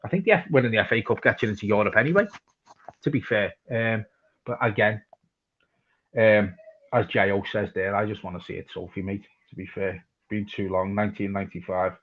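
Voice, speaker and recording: Sweary English football fan host. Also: male voice, lowish voice, brisk, phone-quality sound. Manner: casual, swears freely, reads chat messages aloud. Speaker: fan channel host reading viewer comments. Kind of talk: live match watch-along chat.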